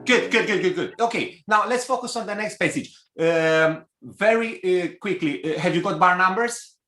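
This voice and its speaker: A man coaching a cello student in a masterclass, pausing often with fillers and singing phrases aloud to show them. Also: sits high, sharp tone. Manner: hesitant, many fillers, sings phrases aloud. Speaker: cello teacher. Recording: roomy hall with instrument music.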